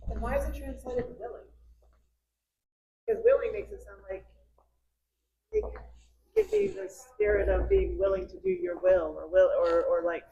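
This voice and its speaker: A woman's voice: mid-range voice, expressive, normal speed, creaky, pauses often, warm tone, slightly rough, poor audio. A woman taking part in a church class discussion, thinking aloud and restarting her phrases. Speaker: class participant.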